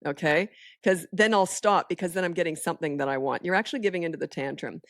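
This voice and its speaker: A woman with a lowish voice speaks as a parenting expert, firm and matter-of-fact in a relaxed chat. Her delivery is direct and plain. The sound is close and dry, with no room around it. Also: fast talker, no echo. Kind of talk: casual podcast chat.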